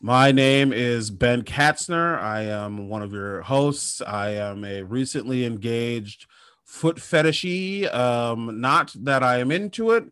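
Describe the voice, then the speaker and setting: A man's voice: mid-range voice, takes it slowly, fairly bright tone, clear, resonant tone, no echo, studio quality. A young man co-hosting a comedy podcast, joking and rambling with lots of fillers. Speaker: podcast co-host. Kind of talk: casual comedic chat.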